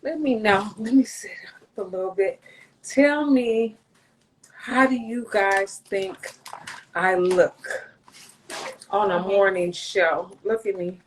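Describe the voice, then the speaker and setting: A mid-range female voice, slow and full of pauses, comes through a rough recording with a little hiss or hum. She's hosting a casual livestream, rambling freely while cursing and joking a lot.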